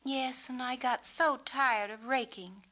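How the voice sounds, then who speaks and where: An excited little girl pipes up in a high, bright storybook voice, bubbly and full of pleading eagerness, as a woman reading the tale puts her on. She sounds imaginative and quick to plead. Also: full character voice. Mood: eager.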